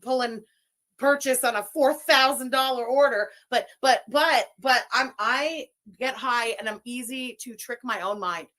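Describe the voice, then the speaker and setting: A woman in a played clip, gushing and rambling excitedly and swearing as she talks. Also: a little high, measured pace.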